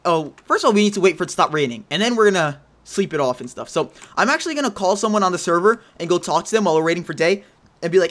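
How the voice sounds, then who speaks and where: A man hosting a video game let's play, chatting to viewers and breaking into panicky yelling when things go wrong, speaking into a headset mic. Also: high-pitched, very fast. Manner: excitable, panicky yelling under pressure. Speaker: gaming channel host.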